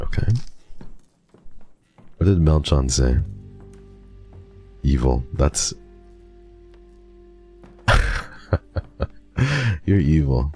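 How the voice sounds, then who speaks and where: A man's voice: a bass voice, very animated, extremely slow, pauses often, darkish tone, faint music behind. A man streaming a horror game, chatting playfully to his viewers at a desk mic. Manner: playful, teasing, talks to chat. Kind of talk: casual game commentary.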